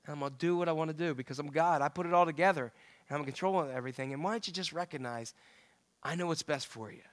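A male preacher voicing God as an amused, unbothered loving father who speaks calmly and indulgently. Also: fairly high pitch, rapid-fire, voice pushed down, close to an everyday voice. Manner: chuckling, calm and indulgent.

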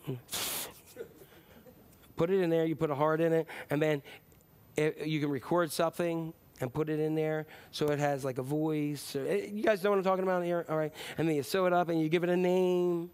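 High-voiced man preaching conversationally. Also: normal speed, smooth. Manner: conversational, animated preaching with acted-out quotes. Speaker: pastor. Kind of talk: sermon.

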